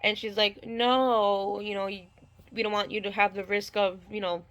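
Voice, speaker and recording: A woman's voice: mid-range voice, flat delivery, moderate pace, fairly bright tone. A young woman casually telling her birth story, rambling with many fillers and restarts and acting out the dialogue.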